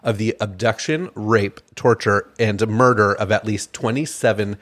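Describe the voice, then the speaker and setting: A man with a slightly low voice tells a crime story to his co-host, half reading from notes. He trips over a name now and then and keeps it chatty. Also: measured pace, a bit bright. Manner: reads case notes with stumbles over names. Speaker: podcast co-host. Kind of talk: casual chat and read-out case story.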